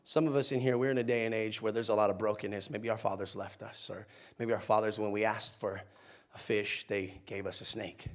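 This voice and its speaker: A young male pastor preaching in an easy, conversational way. He tells playful stories, rising loud and excited, then drops to a soft, hushed tone. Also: fairly low pitch, brisk. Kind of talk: sermon.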